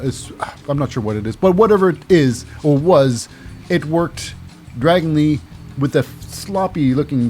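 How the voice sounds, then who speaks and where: A man's voice: a little high, a little mellow. A man casually recapping a wrestling show, rambling with lots of fillers and snarky asides.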